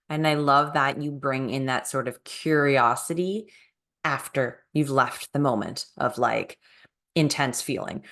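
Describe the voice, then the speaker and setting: A woman host with a deep, low voice. She paraphrases her guest's points in a reflective way, then asks a considered follow-up question. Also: a bit bright. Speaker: interview host. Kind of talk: interview questions.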